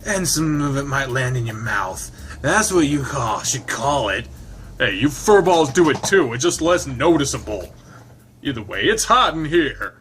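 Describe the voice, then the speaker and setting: Man reading a gruff, swearing lizard man from a visual novel, crude and grumpy. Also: mid-range voice, big pitch swings, a little slow, fairly bright tone, slight background noise. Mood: grumbling. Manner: foul-mouthed, gruff. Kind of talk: visual novel read-aloud.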